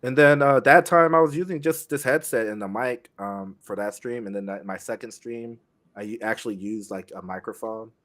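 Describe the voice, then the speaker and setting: A young man chatting casually as a guest on a streaming podcast, speaking haltingly with many pauses and restarts. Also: medium pitch. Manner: halting, many fillers and restarts, soft-spoken.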